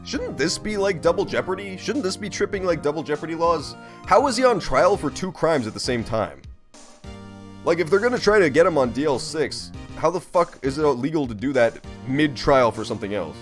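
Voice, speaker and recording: A man's voice: fairly high pitch, lively intonation, brisk. A young man streaming a game, chatting casually in a profane, rambling, amused way. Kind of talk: casual gameplay commentary. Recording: faint game music behind.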